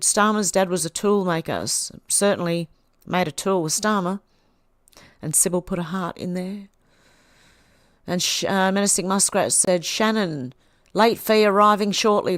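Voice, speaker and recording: A woman's voice: mid-range voice, measured pace, dry recording, studio quality. A middle-aged Australian woman hosting a livestream, casually reading viewers' comments aloud and answering them with small laughs. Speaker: livestream host.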